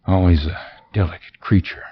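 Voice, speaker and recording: Ghostly spirit, done by a man, solemn and measured, husky and deep. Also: fairly even intonation, lo-fi sound. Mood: solemn, pointed.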